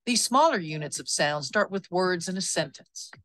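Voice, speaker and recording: A woman giving scripted, calm narration for an educational video. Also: fairly low pitch, normal speed.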